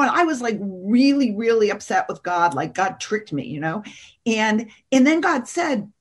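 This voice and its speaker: A middle-aged woman, a guest on an interview show, telling an animated, dramatic story and often laughing. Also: fairly high pitch, unhurried, slightly rough. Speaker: guest, author and seminar teacher.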